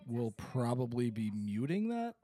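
A man's voice: medium pitch, big pitch swings, unhurried, warm tone. A man co-hosting a casual podcast, talking in a joking, self-assured and bragging way. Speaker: podcast co-host.

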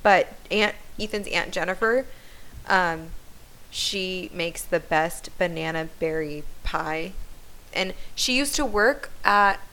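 A woman's voice: on the low side, slow, pushed and bright, a little hiss or hum, rough recording. Rambling woman, casual chat. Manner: rambling, filler-heavy, self-correcting. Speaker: podcast co-host.

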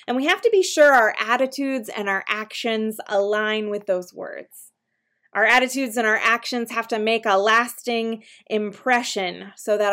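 A woman pastor delivering a sermon in a gentle, conversational way, slowing down to stress key phrases. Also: fairly high pitch. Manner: gentle, conversational preaching with slow emphatic pauses.

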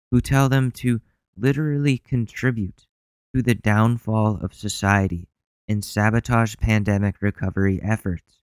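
A man's voice: lowish voice, a little mellow, clean tone, no room sound. A man hosting a solo podcast, talking bluntly and sarcastically with plenty of swearing. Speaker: podcast host.

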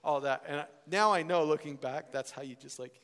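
A man, a worship leader, telling a personal story with animated, laughing delivery and acting out family members. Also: on the high side, fairly quick, slight background noise. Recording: reverberant hall.

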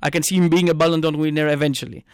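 Brief: excitable male podcast co-host, slightly high voice, ranting, dry close mic. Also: rapid-fire, smooth, no room sound. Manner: excitable, ranting, bursts into loud exasperated outbursts. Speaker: podcast co-host, football fan. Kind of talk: casual chat.

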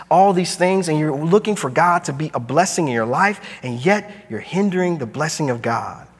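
A man preaching a sermon as pastor, emphatic and driving, his voice swinging high and low. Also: a bit bright, big-room sound. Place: church sanctuary.

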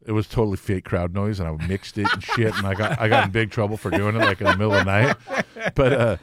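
A man's voice: on the low side, quick pace, very noisy. A man in his fifties, a guest telling a swearing, laid-back story in casual chat.

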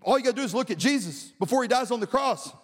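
High-voiced preaching pastor, man. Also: lively intonation, fast talker, in a large hall. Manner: storytelling, builds to shouted preaching. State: strained throat from shouting. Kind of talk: sermon.

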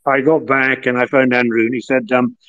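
A man's voice: mid-range voice, level tone, fairly quick, a bit bright. A middle-aged man from the North of England, a guest telling long anecdotes with many fillers and restarts. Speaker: guest, former football club chief executive. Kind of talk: relaxed anecdotal storytelling. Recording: slightly muffled lo-fi audio.

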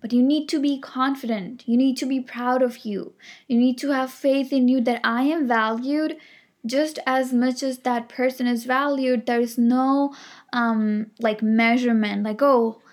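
A woman's voice: sits high, steady tone, a little slow. Earnest woman giving a motivational talk. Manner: earnest, emphatic, repetitive affirmations with frequent "like". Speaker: self-help speaker. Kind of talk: motivational monologue.

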